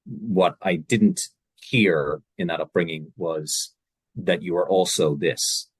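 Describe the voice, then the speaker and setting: Deep, husky Irish man, soft-spoken. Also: slow, no room sound. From Ireland. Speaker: host. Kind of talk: reflective conversation.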